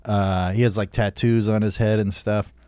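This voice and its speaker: A man's voice: lowish voice, level tone, normal speed, mellow, smooth, no room sound, clean studio sound. A man in his forties chatting playfully as co-host of a comedy podcast. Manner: easygoing, playful storytelling. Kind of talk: comedic casual chat.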